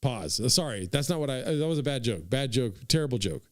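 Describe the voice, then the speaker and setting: Speaking fast in an expressive mid-range voice, a young podcast host rambles through a profane comic story, dropping "dude" often and addressing his listeners in asides. The studio-quality recording has no echo.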